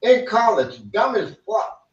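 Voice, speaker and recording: A man's voice: sits high, sing-song, slow pace. A man from the United States telling blunt, profane stories as a co-host on a casual show. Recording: roomy, distant, dull sound.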